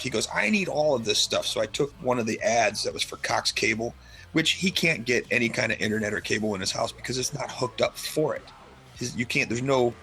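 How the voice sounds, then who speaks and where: A man co-hosting a gaming news podcast, telling a long story in a casual chat and acting out both sides of the dialogue. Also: mid-range voice. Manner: animated storyteller, acts out dialogue. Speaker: podcast co-host.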